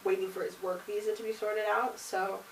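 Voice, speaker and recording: A woman's voice: medium pitch, flat delivery, brisk, recorded from a distance. A young woman chats through a casual home vlog, peppering her talk with likes and ums. Her voice sits a little away from the mic in a roomy space. A faint hiss runs underneath. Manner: chatty, with many likes and ums. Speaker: vlogger. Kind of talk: casual pregnancy update vlog.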